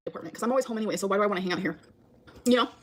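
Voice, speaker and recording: A woman's voice: mid-range voice, rapid-fire. A woman telling a rambling story to camera in a casual vlog, full of fillers and acted-out quotes.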